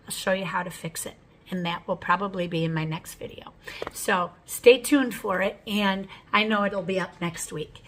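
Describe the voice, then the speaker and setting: A woman's voice: on the low side, steady tone, normal speed, over music, low-quality recording. A woman hosting her own art channel, talking through an unboxing in a chatty, rambling, frank way at home. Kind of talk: casual unboxing vlog.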